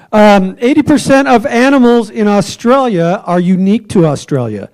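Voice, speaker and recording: High-voiced man running a trivia quiz. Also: expressive, moderate pace, a little mellow. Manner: jokey, chatty, offers hints for a dollar. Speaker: quizmaster at a club meeting. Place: club meeting room.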